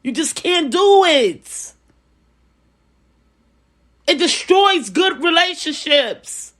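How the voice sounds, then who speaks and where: A woman's voice: very high voice, big pitch swings, very slow, a bit bright. A woman in a casual vlog, giving life advice in a conversational, preaching way and often repeating phrases. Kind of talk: casual personal talk.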